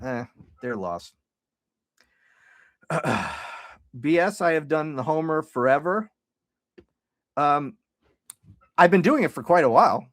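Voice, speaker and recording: On a podcast livestream, the host chats casually, swears freely, and blends jokes with serious points. His voice is on the high side, recorded at studio quality with no echo.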